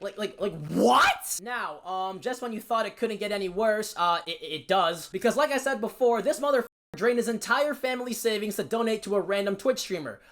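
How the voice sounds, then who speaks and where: A woman's voice: medium pitch, animated, fairly quick. A woman narrating a story in casual commentary, profane and exasperated. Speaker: video narrator.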